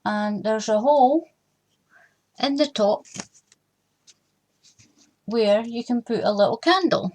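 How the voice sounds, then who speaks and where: A woman's voice: fairly high pitch, takes it slowly, long pauses, a little mellow. An older woman, hosting a casual craft tutorial in a chatty way and repeating warnings with emphasis.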